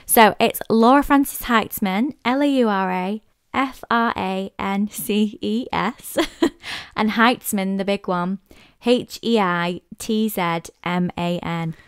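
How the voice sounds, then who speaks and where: A young woman with a smooth, clear voice chats easily as a podcast co-host, friendly and agreeable. Her voice sits at a middle pitch and sounds dry and close. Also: no room sound. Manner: friendly, agreeable, quick to laugh. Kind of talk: casual chat.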